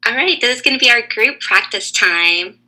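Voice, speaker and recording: A woman teaching a lesson to young children over a video call, asking slow, clear, encouraging questions. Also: a little high, animated, pushed and bright, rough recording.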